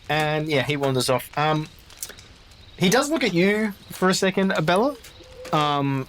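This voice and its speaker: A man's voice: medium pitch, a bit bright, slight background noise. A man running a tabletop game as game master, narrating casually with fillers and restarts. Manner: casual, hesitant, many fillers.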